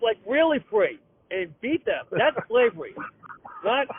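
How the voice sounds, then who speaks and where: Guy ranting, high voice, keeps restarting, sounds like a tinny phone line. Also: very animated, husky. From Boston. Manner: rapid, repetitive, stammering restarts. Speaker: comedian guest. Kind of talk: comic rant.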